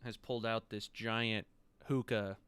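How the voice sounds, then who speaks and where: Clear-voiced man running a tabletop game. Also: on the low side, level tone, unhurried, a bit bright, no room sound. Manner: matter-of-fact, explaining rules and items. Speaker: game master.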